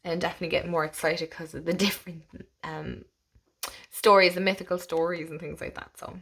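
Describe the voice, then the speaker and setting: A young woman with an Irish accent talks through a deck of cards in a loose, chatty way. Her voice sits a little low for a woman, and she slips between bright gushing and soft, hushed asides. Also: flat delivery, fairly quick, breathy edge. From Ireland. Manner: chatty, gushing, laughs often, drifts into soft whispers. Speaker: tarot channel host. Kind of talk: casual deck walkthrough.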